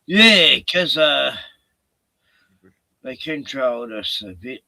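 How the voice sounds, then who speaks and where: An older man co-hosting a casual live-stream chat, short of breath and halting, with many fillers. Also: medium pitch, expressive, gravelly, bright, forceful tone, dry recording, low-quality recording. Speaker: show co-host.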